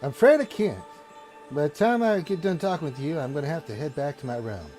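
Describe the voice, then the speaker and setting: A man's voice: fairly high pitch, lively intonation, fast, darkish tone, faint music behind, close to an everyday voice. A man doing a smug chatty raven. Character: chatty male raven, cracker-loving, smug.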